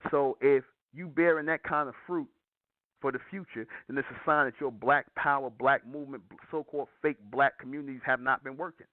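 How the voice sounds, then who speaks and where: A man's voice: mid-range voice, steady tone, fairly quick, no echo. Preachy man on a tinny line. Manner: emphatic, repetitive, lecturing listeners directly. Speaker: call-in show host. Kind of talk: preachy call-in monologue.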